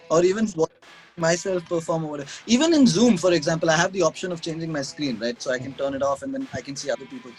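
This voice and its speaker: A man's voice: a little high, fast, darkish tone, poor audio. A man, a guest musician chatting casually over a video call, rambling and self-mocking, with frequent restarts and laughs.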